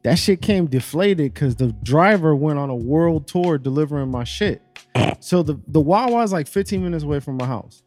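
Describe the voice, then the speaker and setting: A man's voice: a little high, lively intonation, moderate pace, darkish tone, soft background music. A man telling a long, profane story in casual chat among friends.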